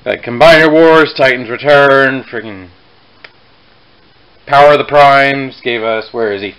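A man's voice: mid-range voice, measured pace, a bit bright, clear, resonant tone, lo-fi sound. A young man casually reviewing a toy on his vlog, rambling and correcting himself mid-sentence with chatty asides.

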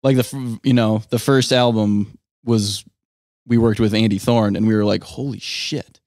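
A man's voice: fairly low pitch, little pitch movement, moderate pace, a little mellow, no room sound, clean studio sound. A man guesting on a podcast, speaking in an easygoing, enthusiastic way with casual swearing. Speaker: band member guest. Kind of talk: casual interview chat.

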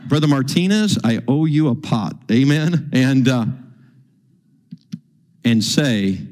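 A man preaching a sermon in a church, animated and repeating himself as he acts out quotes. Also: mid-range voice, slow pace. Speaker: pastor. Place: church sanctuary.

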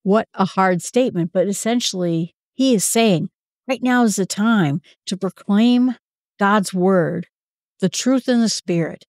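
A woman's voice: medium pitch, measured pace, a little mellow, dry recording, clean studio sound. A woman giving a casual Bible lesson in a conversational way, retelling scenes in everyday speech. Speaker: Bible teacher.

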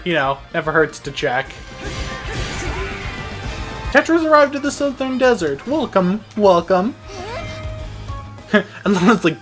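Excitable, sarcastic gameplay commentator. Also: medium pitch, measured pace, pauses often, faint music behind. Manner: excitable, sarcastic, laughs often. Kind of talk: casual let's-play commentary.

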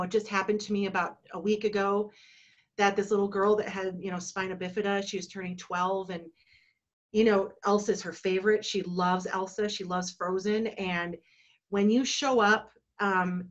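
A woman in her forties from Colorado, telling stories in a heartfelt, halting way and getting teary. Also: mid-range voice, fairly bright tone, lo-fi sound. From Colorado, USA. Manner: emotional, heartfelt, halting with restarts. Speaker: entertainment company owner. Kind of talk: reflective storytelling in a virtual talk. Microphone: video call.

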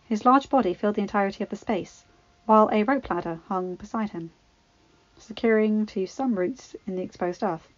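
A woman's voice: mid-range voice, moderate pace, dry recording. Woman reading fanfiction, dull dry sound. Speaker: fanfiction reader. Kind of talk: storybook narration.

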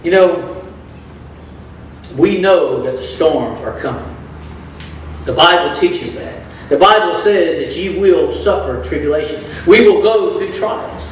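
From far off in an echoey church hall, a high-pitched man preaches a sermon, with slight background noise in the recording. As pastor, he builds into rising bursts of emphasis and draws call-and-response from the congregation.

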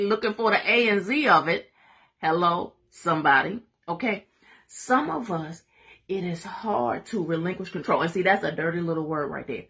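A woman teaches a live Bible study with lively call-and-response energy. Her voice sits a little low, then leaps high when she gets excited, and she laughs and talks straight to her viewers.

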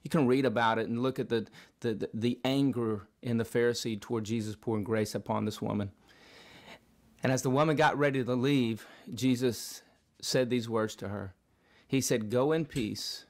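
A man's voice: mid-range voice, fairly even intonation, normal speed. Earnest man giving a devotional Bible talk. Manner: earnest, repetitive preaching cadence with restarts. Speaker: vlogger preacher. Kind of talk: devotional Bible teaching vlog.

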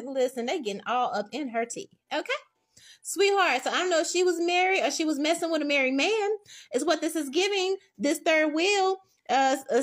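A woman giving a casual tarot reading, blunt and profane, acting out little scenes as she talks. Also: extremely high pitch. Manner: blunt, profane, animated storytelling with acted-out quotes. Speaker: tarot reader.

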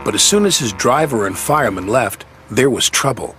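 An animated male storybook narrator. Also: medium pitch, moderate pace, background noise. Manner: animated reading. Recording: music playing behind.

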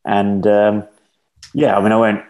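Deep flat-voiced man. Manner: measured, hesitant, many fillers. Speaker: podcast guest. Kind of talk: casual conversational podcast.

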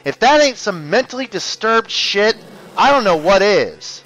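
A man's voice: sits high, big pitch swings, unhurried, a bit bright, dull audio, soft background music. A man narrating a combative, sarcastic exposé as a YouTube commentator.

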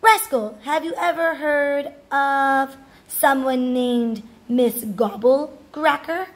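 A woman voicing a bossy, dramatic older sister who tells scary tales slowly and ominously in a storybook reading. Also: high-pitched. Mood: scheming.

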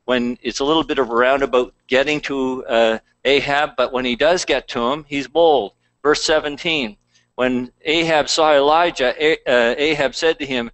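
A man's voice: mid-range voice, normal speed, fairly bright tone, no room sound, rough recording. A man pastor preaching a conversational sermon, reading scripture aloud between plain asides.

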